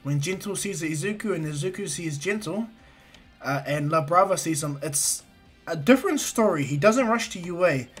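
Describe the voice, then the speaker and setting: Man, casual story retelling, rambling, husky voice, faint background music. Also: a little high, lively intonation, moderate pace. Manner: rambling, many fillers and restarts.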